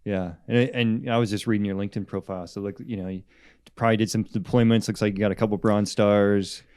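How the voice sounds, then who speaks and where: A man hosting a podcast, a veteran, asking questions in a relaxed, conversational way. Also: fairly low pitch, fast talker, smooth, no room sound, clean studio sound. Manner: relaxed, conversational, frequent fillers. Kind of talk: casual interview chat.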